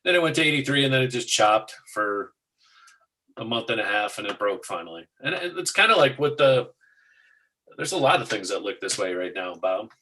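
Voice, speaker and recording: A man's voice: fairly low pitch, expressive, brisk, sharp tone, rough recording. A man co-hosting a markets talk show, chatting casually and walking through charts in a matter-of-fact way.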